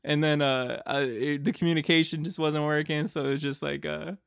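A man's voice: fairly high pitch, steady tone, brisk, creaky, smooth, no room sound, studio quality. A young man from Boston, hosting a podcast and telling a travel story in a loose, rambling way, full of fillers and laughs. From Boston, United States. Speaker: podcast host.

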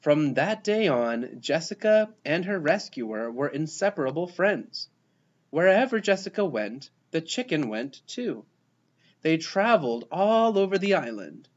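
A man reading a children's picture book aloud, expressive and playful, giving the characters their own voices. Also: fairly high pitch, measured pace, muffled recording. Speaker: storybook reader.

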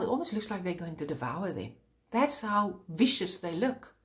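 A woman preaching an informal sermon in an earnest way, with many pauses and a voice that turns fervent when she stresses a point. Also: on the low side, sing-song. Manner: earnest, pausing often, sharpening into fervent emphasis.

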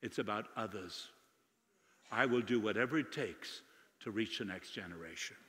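Soft hushed old lady in her eighties, earnest, as a preacher puts her on, long church echo. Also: on the low side, normal speed, slight background noise, voice pushed down. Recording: long church hall reverb.

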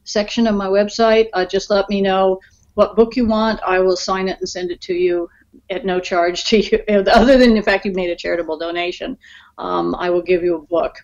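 A woman's voice: mid-range voice, fairly even intonation, moderate pace, darkish tone. Chatty woman on a muffled line. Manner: chatty, laughs easily, many fillers. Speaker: guest screenwriter. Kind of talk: casual podcast interview. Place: in Los Angeles.

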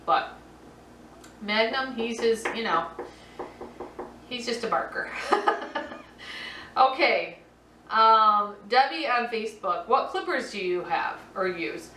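A middle-aged woman chats casually to her viewers from a room at home, with a bright voice and plenty of light laughs and ums. She sits a little back from the microphone. The room adds a clear echo, and a faint hum runs underneath. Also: a little high, animated, takes it slowly, long pauses, far from the mic. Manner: chatty, laughs often, many ums. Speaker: vlogger answering viewer questions. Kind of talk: casual chat. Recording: roomy echo, voice a bit off-mic.

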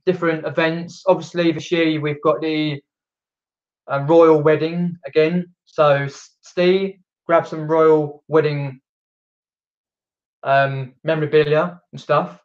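On a casual home live stream recorded downstairs with a camera mic, a British man with a fairly high voice goes through viewer comments, rambling and restarting with plenty of fillers. The sound is lo-fi.

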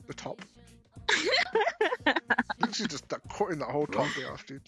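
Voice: mid-range voice, animated, normal speed, over music. A British speaker chatting casually and playfully in a virtual reality social game, teasing others with jokey pickup lines. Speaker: VR vlogger.

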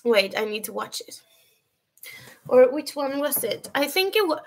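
Slow-talking woman streamer. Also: high-pitched, sing-song. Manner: chatty, rambling, heavy use of "like". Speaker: livestream host. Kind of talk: casual livestream chat.

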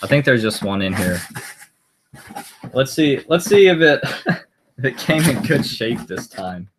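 A man hosting a casual live stream, chatting in a rambling, easygoing way and responding to viewers' messages. His voice sits at an average pitch but rises and falls a lot as he talks. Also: big pitch swings, unhurried, noisy background. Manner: rambling, answers viewer comments aloud.

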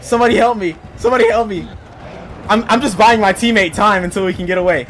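A man giving let's play commentary, panicky and talking to himself, yelping and shouting for help. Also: high voice, quick pace, a little hiss or hum. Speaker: gaming video creator.

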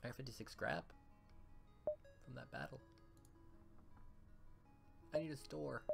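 A man casually commenting on his own gameplay, chatty and getting loud and excited when things go wrong. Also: medium pitch, a little slow, gravelly. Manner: chatty, gets loud and excited during fights. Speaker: gaming channel host. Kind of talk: let's play commentary. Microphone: desktop mic with face cam. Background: game music.

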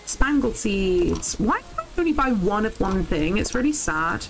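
A young woman streaming a farming game, chatting casually to viewers, excitable and swearing freely. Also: mid-range voice, a little slow, creaky, over music, low-quality recording. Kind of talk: casual live game commentary.

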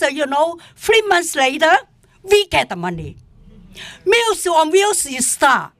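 An older woman who runs a senior center, testifying at a public hearing in an animated, indignant way and laughing often. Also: high voice, dry recording. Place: council committee room.

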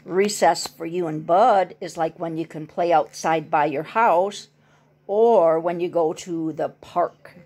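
A woman reading a picture book aloud to a small child, stopping for gentle chatty asides. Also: on the low side, takes it slowly.

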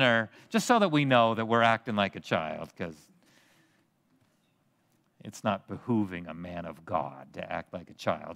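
Man, pastor, sermon, conversational and joking, lively pitch, long church reverb. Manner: animated, conversational, joking with the congregation. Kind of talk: expository sermon. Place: church sanctuary.

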